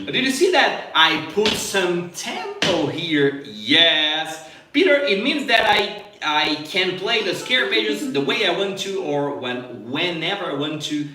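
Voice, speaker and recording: A man's voice: high voice, very animated, measured pace, sharp tone, reverberant, recorded from a distance. A man teaching jazz guitar in a live lesson, explaining step by step, stopping to demonstrate on the guitar and checking in with "okay?".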